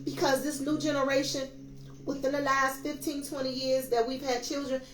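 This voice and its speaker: Emphatic high-voiced woman tarot reader. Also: level tone, moderate pace. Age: 50s. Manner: emphatic, preachy, addresses viewers as y'all. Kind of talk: casual tarot reading monologue. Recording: echoey room with faint music.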